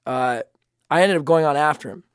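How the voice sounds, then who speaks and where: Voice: medium pitch, a little fast, clean tone, dry recording, clean studio sound. A podcast co-host in casual chat, joking constantly, laughing a lot and swearing freely.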